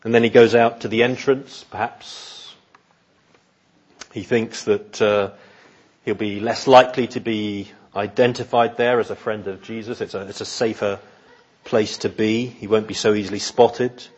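A man preaching an expository sermon in an earnest, measured way, often repeating words as he thinks. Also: on the low side, fairly even intonation, muffled recording.

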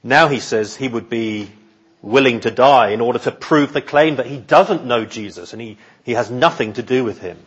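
A man preaching an expository sermon in an earnest, measured way, often repeating words as he thinks. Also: mid-range voice, a bit bright, breathy edge, highs cut off.

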